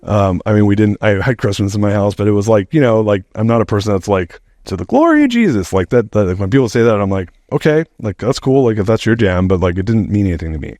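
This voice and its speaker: Middle-aged male podcast guest, deep and dry, loose profane storyteller. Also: fast, few pauses, no room sound. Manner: animated, rambling, heavy use of "like", swears freely. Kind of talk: casual storytelling.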